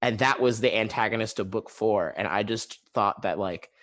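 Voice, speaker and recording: Male guest, lower register, loose rambling chat over a video call. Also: moderate pace, fairly bright tone. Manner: rambling, heavy use of "like" fillers. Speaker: guest artist and musician. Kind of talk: casual video-call interview.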